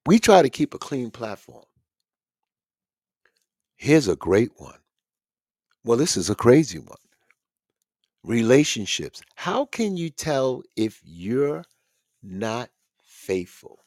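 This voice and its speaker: Male podcast host, loose profane ranter, very lively delivery, dead-dry room. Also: mid-range voice, slow, long pauses, no room sound. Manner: animated, swearing, ranting. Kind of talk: casual profane commentary.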